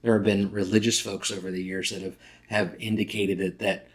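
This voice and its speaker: Male pastor, lowish voice, conversational sermon delivery, self-corrects mid-word. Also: little pitch movement, a little fast.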